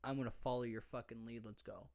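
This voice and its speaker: A man's voice: medium pitch, fairly even intonation, fast, a little mellow. A young man co-hosting a casual podcast, tipsy, rambling with lots of fillers, restarts and swearing. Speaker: podcast co-host. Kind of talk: casual drunk chat.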